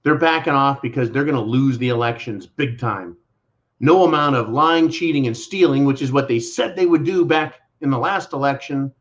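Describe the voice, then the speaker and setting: An American man hosts his own channel, delivering sarcastic political commentary in a mid-range, fairly bright voice at normal speed over dull audio. He mocks freely, repeats sarcastic catchphrases, and calls his listeners folks.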